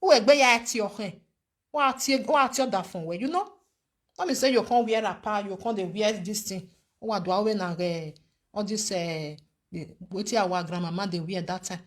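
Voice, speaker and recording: A young Nigerian woman talks straight to her viewers in a casual advice vlog, with an animated and preachy delivery. She keeps checking in with a rhetorical "eh?". Her voice sits at a middle pitch. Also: moderate pace. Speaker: vlogger giving advice.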